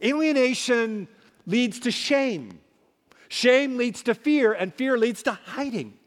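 A man preaching a sermon as a pastor, emphatic, swinging between loud and hushed. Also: very high voice, expressive, slow pace. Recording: long hall reverb.

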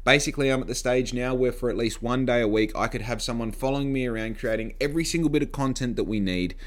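A man's voice: medium pitch, fast. Blunt, sweary man vlogging to camera. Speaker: podcaster and vlogger. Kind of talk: casual talking-to-camera vlog. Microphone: phone microphone.

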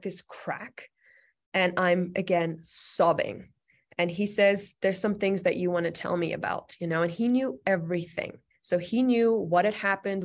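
A woman telling a personal story as an interview guest, earnest and chatty, with many "like" and "you know" fillers. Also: fairly low pitch.

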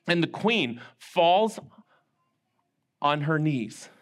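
A man with a high voice leads a children's service in church. He tells the story in an animated way, swinging his pitch wide as he acts out each character's lines. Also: drawn-out words. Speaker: children's pastor.

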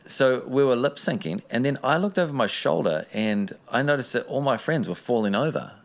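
A man's voice: medium pitch, lively intonation, brisk, creaky. A man, an interview guest telling a personal story in an earnest, rambling way with many restarts.

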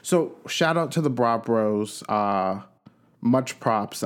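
Chatty man hosting a gossip podcast. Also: on the low side. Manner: chatty and animated, reads news aloud with asides. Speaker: podcast host. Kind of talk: casual celebrity gossip commentary.

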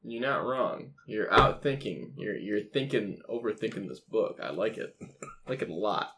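A man's voice: on the low side, expressive, moderate pace, bright, forceful tone. A man playing a gamebook with friends, upbeat and pushing for caution in casual chat. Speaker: player.

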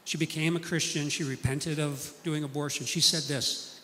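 Bright-voiced man preaching in a reverberant hall. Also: on the high side, steady tone, moderate pace, few pauses. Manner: earnest storytelling, acting out quoted people. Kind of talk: sermon.

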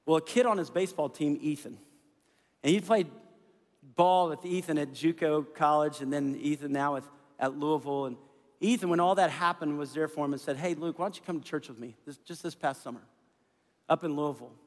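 Middle-aged male pastor, earnest storyteller, fairly high voice, long hall reverb. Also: fairly quick. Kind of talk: sermon.

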